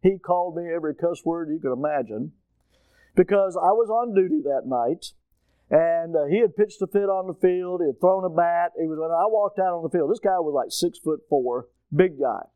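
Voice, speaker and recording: A middle-aged male preacher telling a personal story in a sermon, animated, moving from quiet asides to loud shouting, his throat strained. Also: fairly high pitch, moderate pace, clean tone, dry recording.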